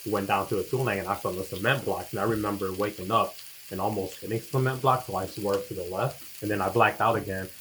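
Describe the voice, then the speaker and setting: A man's voice: lowish voice, steady tone, fast, fairly bright tone, slight background noise, rough recording. A man casually telling a personal story as co-host of a couple's chat, laid back and slangy, acting out what he and others said.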